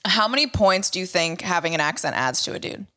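A woman's voice: on the low side, expressive, brisk, sharp tone. A young woman from Boston with a Boston accent, co-hosting a podcast and bantering bluntly and crudely. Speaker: podcast co-host. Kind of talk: casual chat.

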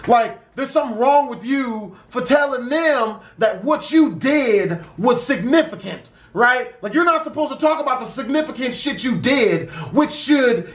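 A young man with a strikingly high voice tells a story with plenty of swearing and slang. His voice rings out in a room with a lot of echo. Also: a little slow, few pauses. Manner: profane, animated street slang. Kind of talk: casual story time. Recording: roomy echo.

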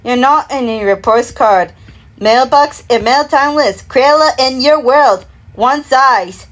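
A woman with a high, slow voice stages her own version of a TV commercial break. Product names and slogans spill out in slurred, half-mumbled rambling, and she hums and sings each jingle as "da da."

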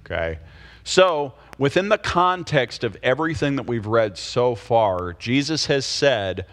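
Man leading a relaxed Bible study. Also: mid-range voice, a little slow. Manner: explains patiently, checks in with frequent "okay?" and "right?". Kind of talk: conversational Bible teaching.

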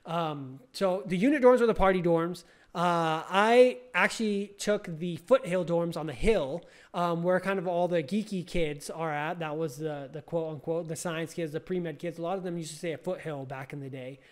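High-voiced young man telling a long story. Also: normal speed, few pauses. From California. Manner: rambling, many fillers and restarts. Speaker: podcast host. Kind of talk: casual storytelling chat.

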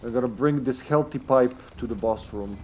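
A man streaming an online game with friends, joking loudly, swearing and cheering at the action. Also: mid-range voice, moderate pace, soft background music. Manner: excitable, swears and jokes loudly. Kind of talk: casual gaming chat.

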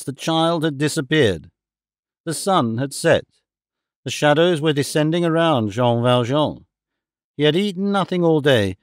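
A man narrating a classic novel as an audiobook in a measured, clearly enunciated reading. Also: medium pitch, dry recording, clean studio sound.

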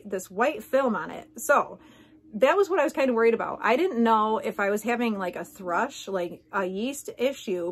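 Chatty woman vlogging to camera. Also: medium pitch. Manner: chatty, candid and rambling, with many asides. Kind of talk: casual chat to camera.

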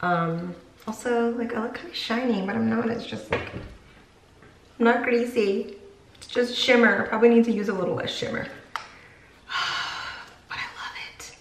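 A woman's voice: a little high, normal speed, slight background noise. A young woman chatting casually through a hair tutorial at home, rambling and poking fun at herself. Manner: chatty, rambling, self-mocking. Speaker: beauty vlogger. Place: home room. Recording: echoey room.

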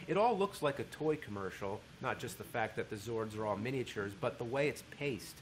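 A man giving a casual, animated spoken review of a TV show, swearing freely as he talks. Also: mid-range voice, slight background noise.

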